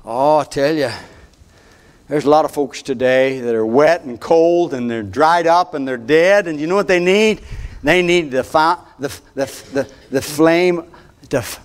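An older pastor preaches from the pulpit in a fairly high voice. He is folksy and fired up, often repeating words and going into chatty asides to the congregation. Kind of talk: preaching a sermon. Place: church sanctuary at the pulpit.

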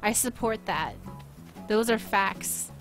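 A woman with a Boston accent giving live gameplay commentary, excitable, gasping and laughing often. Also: medium pitch, takes it slowly, faint music behind. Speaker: streamer.

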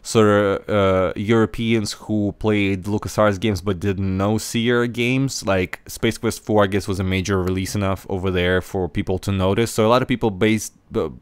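A man with a lowish, smooth, resonant voice chats casually as a podcast host. He talks in halting runs, restarting and repeating words as he searches. The sound is dry and close, with no room around it. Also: fairly even intonation, no echo.

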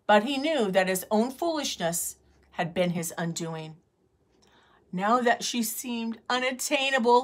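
A woman reading a children's storybook aloud in a measured, expressive way. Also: medium pitch.

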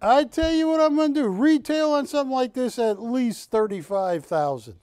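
A man's voice: very high voice, moderate pace, clear, resonant tone, no echo. A man hosting a live shopping broadcast, selling art with a joking, chatty manner. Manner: joking, animated, teasing co-hosts. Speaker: shopping channel host. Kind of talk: live sales pitch.

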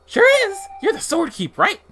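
A man's voice: very high voice, huge pitch swings, normal speed, gravelly, sharp tone, faint music behind, voice pushed up, heavily acted. A man voicing a chatty, wisecracking floating dung beetle creature in a game playthrough, talking in a breezy, self-satisfied way. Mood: cheeky. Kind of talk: video game voice acting.

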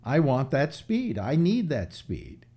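Old guy in his 70s rambling on a talk show, dark mellow voice, really up and down. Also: a little high, wildly swooping pitch, takes it slowly, slightly rough. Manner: musing, philosophical, lots of restarts. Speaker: host.

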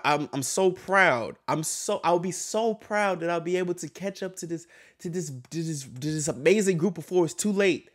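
A man reacting to an album on his video channel, talking to viewers in an excitable, stammering way, swearing freely and laughing often. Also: fairly high pitch. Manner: talks to viewers while reacting to songs. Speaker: music reaction YouTuber. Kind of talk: casual album reaction vlog.

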